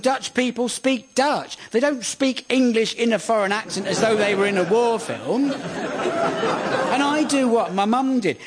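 A man delivering stand-up on a radio comedy show, wry and deadpan in his asides. His voice sits high and moves about a lot. A loud studio audience and noise run under him. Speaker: comedian and host.

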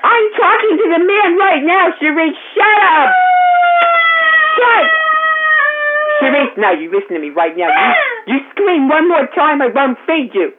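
A frazzled, foul-mouthed mother yells and scolds in a high, swooping voice, as a woman plays her on a prank call. It comes through a tinny phone line full of hiss. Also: very animated, moderate pace, hardly any pauses. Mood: scolding. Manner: yelling, cursing, scolding.

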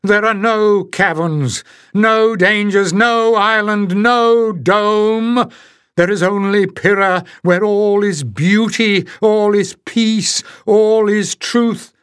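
A man voicing a panicked male piper who shouts and pants his words out slowly. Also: high voice, fairly even intonation, clear, resonant tone, pitched above the performer's own voice. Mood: frantic shouting. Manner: shouting, panting, drawn-out words.

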